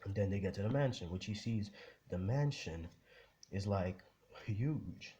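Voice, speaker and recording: A young man with a very deep voice tells a story casually, rambling and swearing with plenty of ums and likes. A faint hiss sits under the recording. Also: animated, unhurried, warm tone. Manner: rambling, profane, full of fillers.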